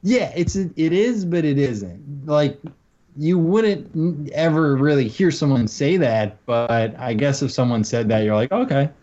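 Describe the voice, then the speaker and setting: A man's voice: a little high, lively intonation, unhurried, dark tone. A man co-hosting a comedy podcast over a video call, chatting casually in a loose, rambling way with lots of laughs. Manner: laughs often, loose rambling delivery with many fillers. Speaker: podcast co-host. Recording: dull lo-fi call audio.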